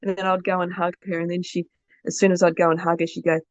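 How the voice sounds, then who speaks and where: A woman in her thirties with a low voice recounts her family's story in a rambling, earnest, casual way. The sound is dull and lo-fi, with a very dry room. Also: level tone, quick pace, no room sound. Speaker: podcast guest, mother.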